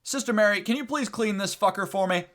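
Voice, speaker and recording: A man's voice: sits high, fast talker, fairly bright tone, pitched above the performer's own voice. A man voicing a prim priest in a joke he tells. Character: prim male priest who fibs.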